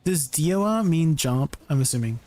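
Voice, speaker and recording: A man's voice: on the high side, lively intonation, measured pace, a little mellow. A man chatting casually with viewers on a live stream, laughing often and answering their questions as he goes.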